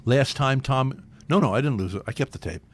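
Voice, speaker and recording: With a faint hiss or hum in the background, a man talks fairly quickly in a mid-range voice. He's a local talk radio host telling a long, wandering anecdote in casual chat, bringing it to life by acting out others' lines.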